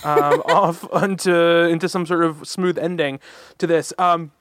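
A young man from Long Island hosting a casual chat, talking quickly with restarts and frequent laughs. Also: on the high side, fairly even intonation, fairly bright tone, clear, resonant tone, no room sound. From Long Island, New York.

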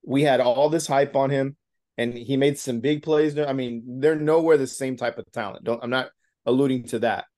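A man's voice: medium pitch, steady tone, normal speed, a little mellow. A man co-hosting a casual sports podcast, giving earnest opinions and often repeating words as he restarts. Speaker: podcast co-host.

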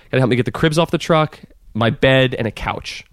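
A man in his thirties, a podcast guest, telling a story in a fast, animated way with many restarts. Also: mid-range voice, no echo, studio quality. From Southern California. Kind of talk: casual storytelling.

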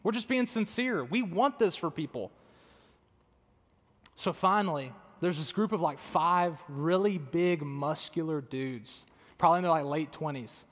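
A man's voice: fairly high pitch, unhurried, a bit bright. A man, a pastor, telling a story in a sermon, conversational and self-deprecating, earnest in tone. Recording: long reverb of a large hall.

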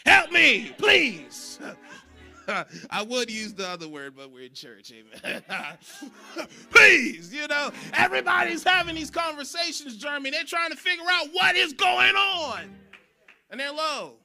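A man preaching a sermon in church, animated and shouting for emphasis. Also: extremely high pitch, moderate pace, gravelly, faint music behind. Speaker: pastor.

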